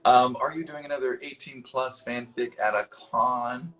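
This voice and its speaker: A man's voice: mid-range voice, very animated, a little slow, fairly bright tone. A man in his fifties reading out fan questions and answering them in a casual, rambling way, swearing freely. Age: 50s. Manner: reads fan questions aloud, then answers. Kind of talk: livestream Q&A.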